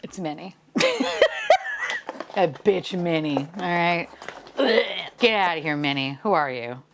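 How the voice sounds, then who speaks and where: Speaking slowly in a low-pitched voice, a woman vlogs herself unboxing blind boxes in a casual, playful chat. She swears, laughs, and sometimes lowers her voice to a whisper. There's a little background noise.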